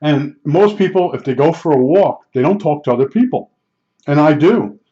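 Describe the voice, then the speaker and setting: A man's voice: fairly high pitch, animated, moderate pace, warm tone. An older man telling long, rambling stories from his life in a chatty way, full of fillers and restarts. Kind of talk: casual storytelling. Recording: dull lo-fi recording.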